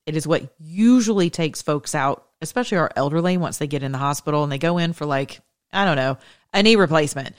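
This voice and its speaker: A middle-aged woman, hosting a casual commentary monologue, telling stories emphatically with asides and self-interruptions. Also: deep voice. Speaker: political commentary host.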